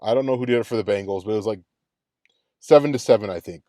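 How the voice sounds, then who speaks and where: In a studio-quality recording with no room sound, a sports podcast host with a lowish, dark voice fires off an angry reaction rant at a fast clip. He's heated and profane, going over his complaints again and again.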